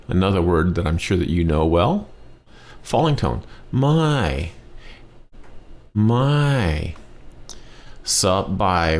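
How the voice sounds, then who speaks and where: A man teaching a language lesson, patiently repeating words slowly for learners. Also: deep voice. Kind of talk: slow spoken language lesson.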